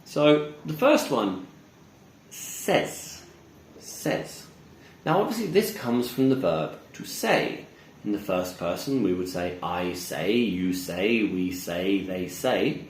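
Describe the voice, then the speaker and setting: A man teaching English pronunciation, slowly modeling words and repeating examples. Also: sits low, sing-song, a little hiss or hum. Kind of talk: pronunciation lesson. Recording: echoey room with faint ambience.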